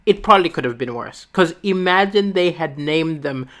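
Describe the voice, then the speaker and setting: A woman from Malawi doing a stand-up set at home, telling her stories quickly and with animation. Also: low voice, animated. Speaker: stand-up comedian. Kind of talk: stand-up comedy. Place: at home, alone.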